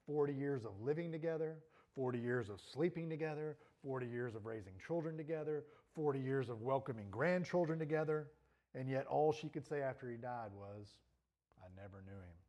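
A man's voice: mid-range voice, a little fast, dark tone. A male pastor preaching a sermon earnestly, his voice rising and falling in intensity, with a troubled throat.

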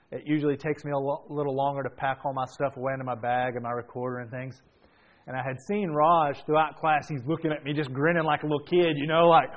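Man preaching a chatty storytelling sermon. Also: a little high. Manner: casual and chatty, with frequent restarts. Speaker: pastor.

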